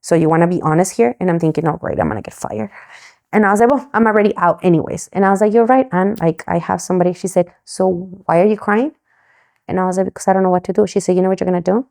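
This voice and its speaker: A woman's voice: lowish voice, racing, creaky, few pauses. A middle-aged woman from Mexico, a podcast guest telling a story and acting out the lines of others. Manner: animated, acts out quoted dialogue. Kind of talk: storytelling interview.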